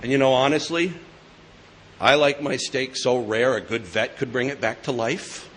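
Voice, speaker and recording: A man's voice: medium pitch, moderate pace, a bit bright, a little hiss or hum. A man sharing his recovery story with an audience in a casual, joking way, with a New England accent. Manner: conversational, joking asides. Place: meeting hall with live audience.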